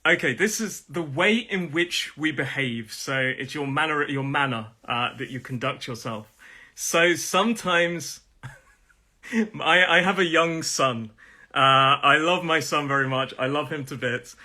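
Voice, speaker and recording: Bright-voiced Nottingham man teaching pronunciation. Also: a little high. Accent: Nottingham English. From Nottingham, England. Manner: repeats words slowly for learners to copy. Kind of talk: live online pronunciation lesson.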